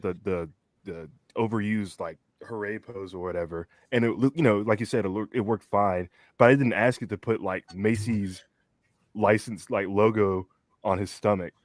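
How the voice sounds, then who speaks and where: A young man co-hosting a fan podcast, chatting casually with lots of "like" and "um" and quick laughs. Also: lowish voice, dry recording, clean studio sound. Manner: rambling, many fillers and restarts, laughs easily. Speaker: podcast co-host. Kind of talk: casual chat.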